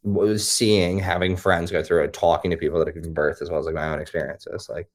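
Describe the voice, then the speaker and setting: A man with a very deep, low voice talks through a topic in an easygoing, explanatory way. He leans on fillers as he goes, keeping the chat relaxed and informal. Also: a little fast. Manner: explanatory and conversational, full of "like" fillers. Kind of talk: casual chat.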